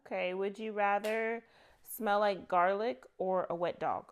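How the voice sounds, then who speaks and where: A woman's voice: medium pitch, steady tone, measured pace, clear, resonant tone. A woman co-hosting a casual comedy chat, asking questions and teasing her partner. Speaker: podcast co-host.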